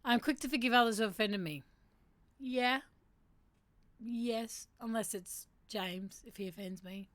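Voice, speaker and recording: A woman's voice: a little high, a little slow, long pauses, a bit bright, no echo. Give me a woman hosting a casual livestream, reading quiz statements aloud and adding wry comments in a dry, dead room. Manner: reads quiz options aloud and adds wry asides, chatting with viewers. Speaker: livestream host.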